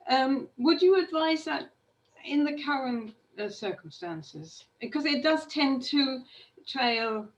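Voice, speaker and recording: Woman student on a video call, high voice, halting question, dull audio. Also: animated. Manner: halting, repeats words. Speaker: class participant.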